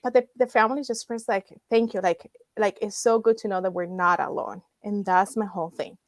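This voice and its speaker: A woman's voice: mid-range voice, steady tone, brisk, dry recording. A woman in her thirties, a guest founding a nonprofit, telling her story in conversation, acting out dialogue and laughing often.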